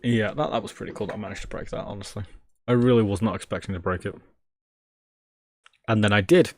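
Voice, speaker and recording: A man streaming live, talking to himself, exasperated and joking, swearing freely. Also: lowish voice. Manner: exasperated, muttering at a slow computer. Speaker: Linux livestreamer. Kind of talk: casual live-stream self-talk.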